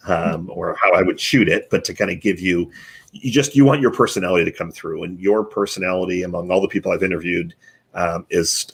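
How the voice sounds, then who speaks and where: A man with a somewhat low, husky voice walks a guest through his advice one numbered point at a time. He hosts a live online chat and sounds earnest and coaching rather than scripted. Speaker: host and marketing consultant.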